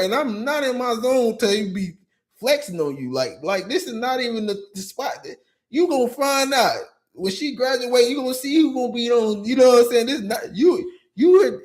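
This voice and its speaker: A man hosting a podcast and talking casually as a youth coach. He vents in an animated way and keeps asking "you know what I'm saying.". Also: high-pitched. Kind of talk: casual monologue.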